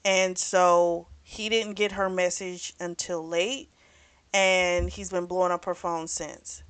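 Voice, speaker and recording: A woman hosting a book club channel, casually retelling a novel's plot in a chatty, animated way with frequent "you know"s. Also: lowish voice, takes it slowly, clear, resonant tone.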